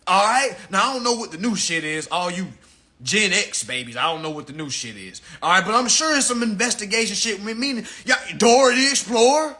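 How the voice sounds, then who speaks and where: 30s dude on a live stream going off at his viewers, cussing, preachy, high bright voice. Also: fairly quick. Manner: profane, preachy, animated, talks straight to the audience. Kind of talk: casual rant on a live stream.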